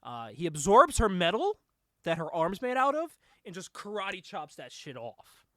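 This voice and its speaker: A man with a high, bright voice hosts a laid-back podcast chat. He retells a movie with lots of energy, jumps into the characters' lines and breaks into laughter. The sound is close and dry, with no room around it. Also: normal speed, no echo. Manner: animated storytelling, laughs often, acts out lines. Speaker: podcast host. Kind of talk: casual chat recapping a movie.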